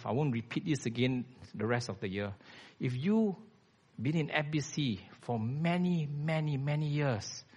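A man's voice: mid-range voice, breathy edge. A man, preaching a blunt, emphatic sermon as a church elder.

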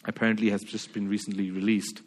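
A man's voice: fairly low pitch, little pitch movement, fast. A man preaching a sermon, earnest, stammering restarts and repeating his key phrases.

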